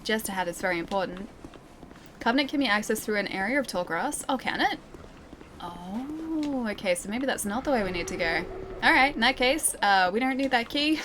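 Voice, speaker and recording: A woman's voice: a little high, lively intonation, a little fast, background noise. A young Australian woman streaming a game, chatting and giggling to her chat as she plays. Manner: chatty, giggly, talks to chat while playing. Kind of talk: let's play commentary.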